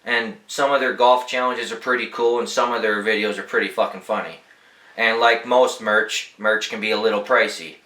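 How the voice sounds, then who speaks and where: A young man tells casual, rambling anecdotes, swearing freely in a relaxed way. His voice sounds bright and forward. The room around him is echoey. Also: fairly low pitch, normal speed. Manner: laid-back, profane, rambling anecdotes. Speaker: podcast host. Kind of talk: casual storytelling.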